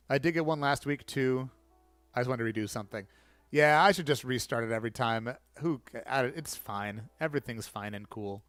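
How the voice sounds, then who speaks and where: A man's voice: mid-range voice, normal speed, a bit bright, no echo, soft background music. A man hosting a livestream and chatting casually while mixing cocktails, rambling in a self-deprecating way. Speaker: livestream host.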